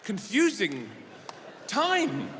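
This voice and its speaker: A middle-aged man with an Irish accent performs stand-up in a high, light voice, meandering through half-finished sentences before erupting into shouted tirades. The sound is a live theatre recording with a long, echoing reverb and clear audience noise behind him. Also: wildly swooping pitch. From Ireland. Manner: rambling, halting, bursts into shouted rants. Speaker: stand-up comedian. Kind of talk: stand-up comedy. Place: large theatre stage.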